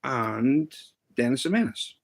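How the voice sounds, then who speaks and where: A Scottish man in his thirties, chatting casually on a livestream and telling a rambling story, with sudden pitch jumps when he mimics other people. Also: lively intonation, measured pace, creaky. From Scotland. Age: 30s. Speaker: live streamer.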